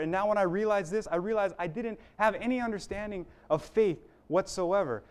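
Man preaching, high voice, earnest, fervent buildup, some fillers. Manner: earnest, rising in fervor, with fillers and restarts. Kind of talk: sermon.

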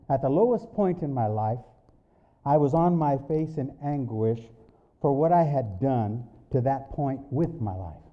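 A man giving a spoken religious testimony, slow and measured, his voice swinging up and down with emotion. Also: mid-range voice. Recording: dull lo-fi recording.

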